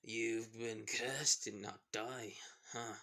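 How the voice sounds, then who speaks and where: A man voicing a cursed, mocking male pirate captain with a British accent and slow, drawn-out taunts. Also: on the low side, steady tone, pushed and bright.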